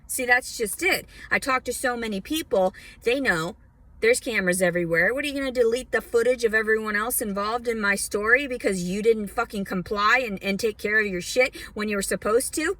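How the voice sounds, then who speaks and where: A woman's voice: on the high side, a little fast, a bit bright. A woman from Arkansas ranting angrily and with lots of swearing into her phone outdoors. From Arkansas, USA. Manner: heated, profane, rambling. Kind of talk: angry rant vlog. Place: outdoors outside a department store.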